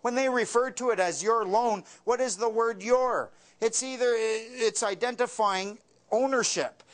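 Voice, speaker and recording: A man's voice: very high voice, measured pace. A man giving a talk, telling wry stories and dropping dry punchlines. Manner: wry, joking storyteller with a dry punchline delivery. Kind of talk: storytelling talk with jokes.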